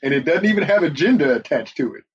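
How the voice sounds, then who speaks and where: A man's voice: fairly high pitch, lively intonation, fast talker, husky. A man co-hosting a casual studio chat show, playful and joking, often asking questions. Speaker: podcast co-host. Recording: slightly dull, muffled sound.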